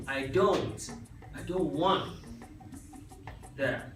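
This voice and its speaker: Patient male language teacher, slow and a touch high, recorded from across an echoey classroom with music behind. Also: a bit bright. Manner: patient, repeats "right?" to check understanding. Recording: echoey room, mic far off, music behind.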